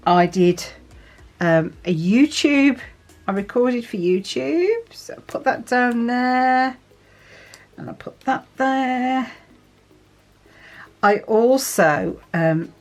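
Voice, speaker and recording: Brief: woman vlogger, friendly chatter while decorating a planner, mid pitch, asks viewers questions. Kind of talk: casual chat while journaling.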